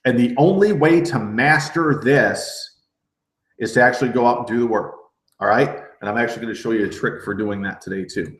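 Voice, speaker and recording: Energetic man coaching, roomy echo. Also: mid-range voice, a little fast. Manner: energetic, repeats words, rallying "okay?" asides. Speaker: network marketing trainer. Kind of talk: live training webinar.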